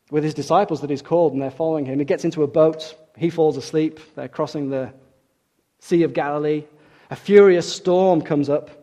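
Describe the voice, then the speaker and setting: A man preaching a sermon, retelling stories with dramatic shifts between loud outbursts and hushed lines. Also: a little high. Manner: dramatic storytelling, acting out quoted voices.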